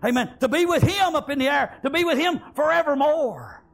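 A man preaching a fiery revival sermon in a church, punctuating nearly every line with "amen" and shouted praise. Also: very high voice, lively intonation, brisk, gravelly.

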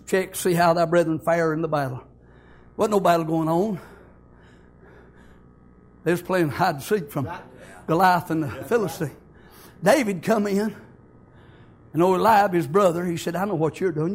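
Husky shouting preacher man. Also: sits high. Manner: folksy Southern preacher, building to shouts. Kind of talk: fiery sermon.

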